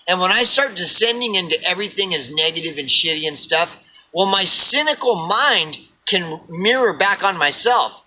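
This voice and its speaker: Okie man, higher register, very tense bright tone; blunt, preachy vlog rant full of swearing and repetition. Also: slight background noise, rough recording. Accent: Oklahoma. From Oklahoma. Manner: repeats himself for emphasis. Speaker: vlogger. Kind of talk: ranting monologue to camera.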